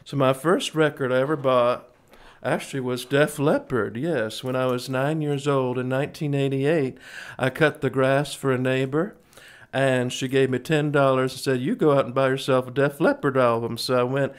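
A man's voice: medium pitch, steady tone, normal speed, clean tone. A man in his forties hosting a music livestream, chatting casually between songs in a folksy, rambling way and calling his viewers folks. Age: 40s.

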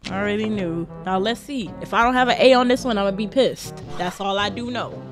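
A young woman streaming a game live, reacting loudly and profanely with casual commentary. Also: medium pitch, brisk, faint music behind.

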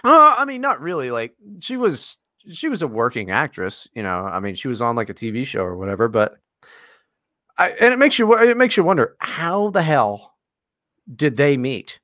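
An American man co-hosting a casual podcast, sarcastic and crude, with plenty of "uh" and "you know." His pitch swings widely as he talks. His voice sounds dry and close, with no room sound. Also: sing-song, fairly quick, bright, forceful tone, no echo. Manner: profane and sarcastic, many fillers. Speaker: podcast co-host. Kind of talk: casual chat.

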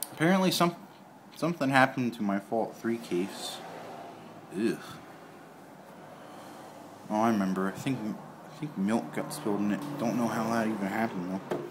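A man's voice: on the low side, steady tone, moderate pace, pauses often, background noise. A man casually talking to camera in his home kitchen, rambling and hesitant, with lots of fillers. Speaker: vlogger. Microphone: camera microphone.

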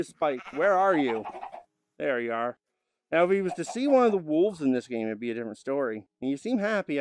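A man casually commenting on his gameplay, chatty and animated, sometimes bursting into loud exclamations and coaxing animals and his dog. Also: fairly high pitch, slight background noise. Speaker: gaming video host.

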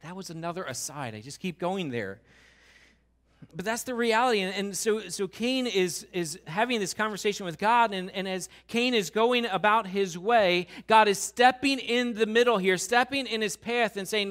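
A man preaching a sermon as pastor, talking in a conversational, animated way with quick asides and repeated restarts. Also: sits high. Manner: acts out what God and others say.

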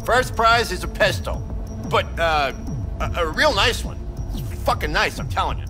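A crude, barking range master. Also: male voice, high-pitched, expressive, normal speed, music in the background. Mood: rambling. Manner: crude, barking, rambling with fillers. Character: gruff male shooting-range master. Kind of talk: video game dialogue.

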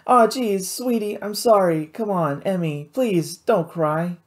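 A reader plays a brash young pilot who flares up fast. His voice jumps higher than the narration and sounds hot and reckless. It is audiobook character work. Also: expressive, lightly acted. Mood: apologetic. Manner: angry, pleading, hot-tempered.

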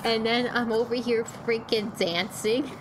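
A woman's voice: fairly high pitch, fairly even intonation, a little slow, noisy background. A woman streaming a video game, chatting to her viewers with frequent giggles. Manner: giggly, chatty, talks to chat. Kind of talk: live game stream commentary.

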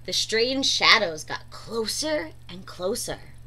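A woman reading a children's story aloud in an expressive storybook manner. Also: on the high side, slow.

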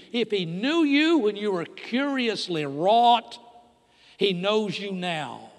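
A middle-aged man preaches from the pulpit, dropping into hushed, intimate asides and then rising into loud, emphatic declarations. His voice sits high for a man. The sound carries the long reverb of a church sanctuary. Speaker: pastor. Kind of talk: sermon.

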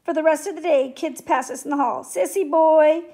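High-voiced woman reading a kids' story aloud, gentle and expressive. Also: fast. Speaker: story reader.

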